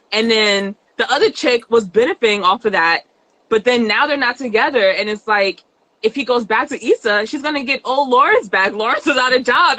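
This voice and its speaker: A woman co-hosting a casual recap show, chatty and quick to laugh. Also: lively intonation, sharp tone, poor audio. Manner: chatty, laughs often, shrill when quoting. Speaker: co-host.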